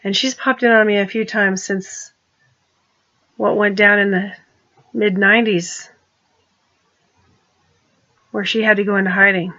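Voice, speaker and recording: A woman's voice: medium pitch, steady tone, measured pace, long pauses, bright, forceful tone, dull audio. A woman talking in a rambling personal monologue, restarting her sentences and turning pointed and accusing. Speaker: vlogger.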